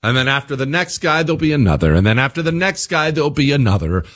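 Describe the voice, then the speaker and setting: A man's voice: mid-range voice, very animated, quick pace, fairly bright tone. A man hosting his own radio show speaks in a middle register. He delivers an opinion monologue and stacks repeated phrases for emphasis.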